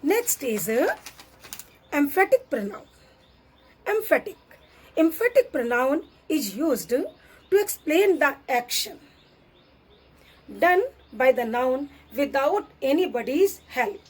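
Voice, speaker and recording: High, lively slow-talking woman teacher. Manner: slow, patient, repeats each example. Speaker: grammar teacher. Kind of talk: classroom grammar lesson.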